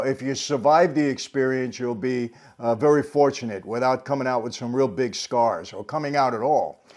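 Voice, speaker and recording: A man's voice: medium pitch, a little mellow. A man hosting a sit-down interview, talking casually and speaking directly to viewers. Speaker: host. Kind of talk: conversational interview.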